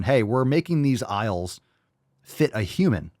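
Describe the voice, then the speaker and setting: A man's voice: medium pitch, very animated, unhurried, a little mellow, no room sound, studio quality. A man hosting a reaction commentary, blunt, profane and mocking. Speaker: host.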